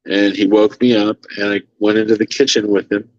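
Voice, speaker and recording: A man's voice: on the low side, flat delivery, fairly quick, no room sound, muffled recording. A man telling an emotional story as a podcast guest, earnest and moved, quoting others in his own voice.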